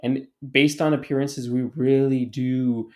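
A man's voice: mid-range voice, fairly even intonation, a little slow, darkish tone. A man co-hosting a podcast, telling a story in casual chat, rambling with lots of fillers, restarts and swearing. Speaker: podcast co-host.

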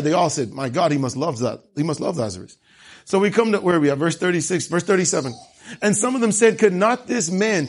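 A man's voice: fairly high pitch, slightly rough. A man preaching a sermon in a conversational way, acting out the dialogue of the scripture passages he reads.

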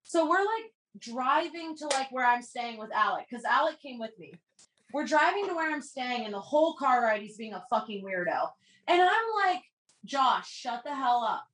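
Young woman, animated storyteller, swears a lot, slightly high voice, roomy echo. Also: moderate pace. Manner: animated, swears freely, acts out dialogue. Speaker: podcast guest. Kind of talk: casual storytelling. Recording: echoey room.

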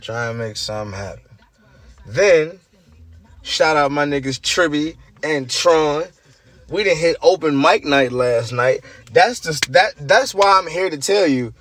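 A man with a hoarse, groggy voice, hosting his own show and telling a story in casual chat, swinging between loud hype and murmurs. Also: on the high side, lively intonation, unhurried. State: hoarse, lost voice. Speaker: show host.

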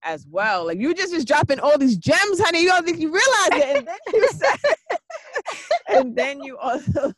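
Animated high-voiced man hosting. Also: moderate pace. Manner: animated, laughing, repeats "literally". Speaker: podcast host. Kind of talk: casual conversation recap.

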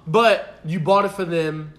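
A man's voice: fairly high pitch, measured pace. A man on a casual podcast, telling a story with lots of laughter and acted-out quotes. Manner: animated, laughs often, acts out quotes. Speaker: podcast guest.

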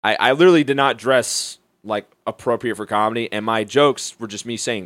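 A man's voice: medium pitch, fairly quick, hardly any pauses, fairly bright tone, no echo. A young man, a stand-up comedian, telling stories in a casual chat, rambling with restarts, swearing and laughing. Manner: profane, rambling storytelling with frequent restarts and laughs. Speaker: stand-up comedian, podcast guest. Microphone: studio microphone.

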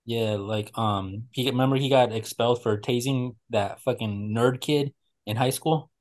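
A man's voice: mid-range voice, moderate pace, a little mellow. A man hosting a casual podcast chat, telling stories animatedly with a lot of swearing and acting out his friends' lines.

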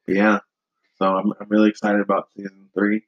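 A man's voice: fairly low pitch, monotone, a little fast, dull audio. A man co-hosting a podcast in casual chat, laid-back and rambling with many fillers. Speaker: podcast co-host.

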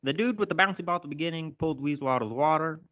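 A man casually recapping a movie, animated and profane, acting out lines as he goes. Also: a little high, very fast. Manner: animated, swears a lot, acts out lines. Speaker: podcast host recapping a movie. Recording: dull lo-fi sound.

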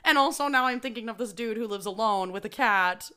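A woman co-hosting a podcast, reacting loudly and swearing freely in casual chat. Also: on the high side, brisk, clean tone. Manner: expressive, profane, reacts loudly. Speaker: podcast co-host.

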